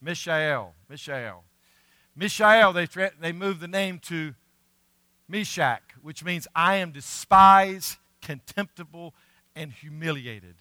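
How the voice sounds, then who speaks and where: A middle-aged pastor preaches with a bright, forceful, slightly high voice. He leans hard on key words, then drops to a quiet, confiding tone. The sound is close and dry, with no room echo. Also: slow pace. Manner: earnest, emphatic preaching with rising and falling volume. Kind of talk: sermon.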